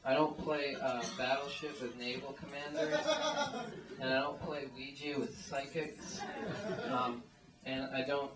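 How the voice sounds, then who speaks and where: A man's voice: medium pitch, lively intonation, measured pace, heavy background noise. A man doing a stand-up comedy set, rambling through his jokes with lots of "like" and "um" fillers. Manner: rambling, filler-heavy delivery full of "like" and "um". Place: small live comedy venue. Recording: echoey room, mic at a distance.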